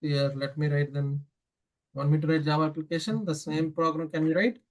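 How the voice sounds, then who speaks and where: A man's voice: fairly high pitch, steady tone, a little fast. A man with an Indian English accent teaching a live online programming class, asking questions and answering them himself. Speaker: programming instructor.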